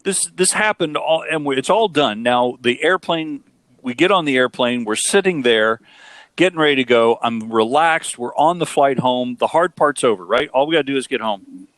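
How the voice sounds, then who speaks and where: A middle-aged man hosting a casual chat, telling a story with animated, dramatic delivery. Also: medium pitch, normal speed, no echo. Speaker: podcast host.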